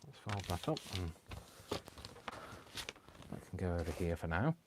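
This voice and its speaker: A man with a deep, low voice chats casually through a live crafting session. He rambles and talks to himself as he works. He apologizes often and keeps the talk loose and unscripted. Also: animated, unhurried, heavy background noise. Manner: rambling, self-talking, apologetic. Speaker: craft channel host.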